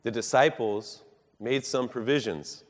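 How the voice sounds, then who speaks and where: In a reverberant, big-room setting, a mid-range male voice delivers an earnest, measured sermon. His voice lifts to stress points and falls gently as each thought closes.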